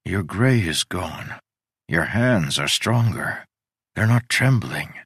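A man voicing a volatile, foul-mouthed male digger who shouts and curses in a rage. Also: low-pitched, animated, slow, husky, no room sound, studio quality, full character voice. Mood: awed whisper. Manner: shouting, cursing, raging.

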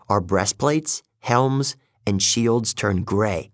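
Slow, husky male audiobook narrator. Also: fairly low pitch, no room sound, studio quality. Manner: measured, steady storytelling. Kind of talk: scripted first-person story narration.

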